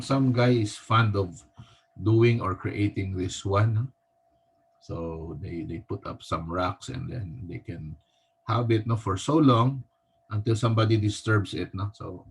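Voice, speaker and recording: A Filipino-accented male teacher talks through a recorded physics lesson in a low, husky voice. He pauses and restarts often and tags nearly every phrase with a questioning "no?". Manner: halting, with frequent restarts.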